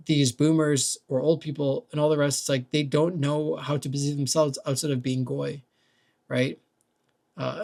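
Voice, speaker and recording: A young man delivers a loose, meandering rant and swears freely as he goes. His voice sits a little high and has a gravelly fry to it. He keeps filling gaps with "like" and "dude". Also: a little mellow. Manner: rambling, profane, heavy use of "like" and "dude". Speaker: vlogger. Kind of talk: casual rant.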